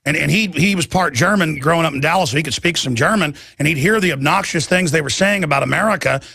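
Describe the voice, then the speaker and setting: A male radio talk show host interviewing a guest, speaking in a rambling, emphatic and excitable way. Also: on the high side, fast, gravelly, breathy edge.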